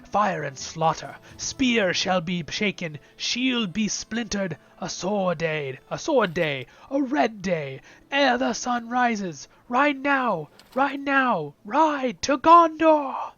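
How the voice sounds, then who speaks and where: A man's voice: high-pitched, animated, slow, hardly any pauses, bright, forceful tone, dull audio, pitched above the performer's own voice, exaggerated voice. A man doing a rousing old warrior king. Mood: rallying. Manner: rousing, declaiming battle cry. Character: old warrior king rallying his riders.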